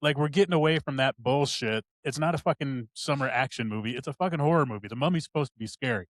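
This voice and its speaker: A man's voice: mid-range voice, quick pace, no echo. A man co-hosting a casual podcast, blunt, profane and laid-back. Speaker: podcast co-host.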